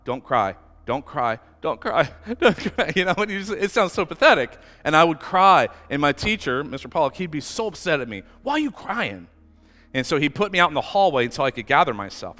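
A man's voice: mid-range voice, sharp tone, in a large hall. A man preaching a sermon as pastor, telling a personal story earnestly and getting emotional at times, rising to emphatic peaks. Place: church hall.

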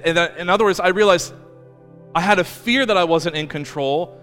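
A male pastor talks through a personal sermon with earnest restarts, his voice sitting fairly high. He sounds close to tears. The church hall adds a long reverb, with soft music playing faintly behind him. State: emotional, near tears.

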